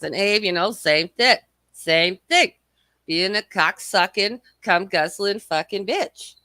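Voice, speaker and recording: A bright, sharp-toned woman runs a casual livestream, heaping profanity and mockery on the people she rambles about. Her voice sits a touch high for a woman, and her throat sounds a little scratchy. The recording is close and dry, with no room sound. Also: dry recording. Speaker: livestream host. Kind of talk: casual livestream chat reading comments.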